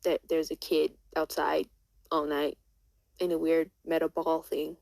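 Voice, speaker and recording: A woman's voice: sits low, little pitch movement, measured pace, gravelly, darkish tone, dry recording. A woman voicing an earnest farmer husband who stammers while pleading to be believed, in a casual spoken retelling.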